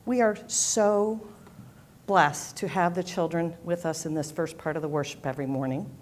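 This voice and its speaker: A woman leading a worship service, telling a children's story gently, with soft repeated refrains. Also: lowish voice, moderate pace, slight background noise. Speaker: worship leader. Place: church sanctuary.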